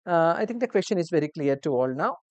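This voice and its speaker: Low-voiced woman teaching an exam lesson. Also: animated, quick pace, a little mellow, dry recording. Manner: explanatory, with many fillers and restarts. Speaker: language teacher. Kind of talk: live online exam-prep lesson.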